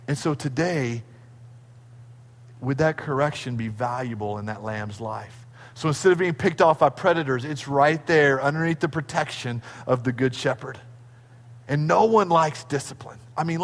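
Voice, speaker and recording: High-voiced pastor preaching in a reverberant hall. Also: male voice. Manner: animated storytelling, acting out his children in high squeals. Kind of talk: sermon.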